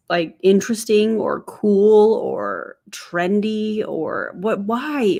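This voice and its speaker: A woman's voice: mid-range voice, slow, hardly any pauses, a little mellow. A woman commenting sarcastically on a video clip in a casual reaction style. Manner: sarcastic, incredulous.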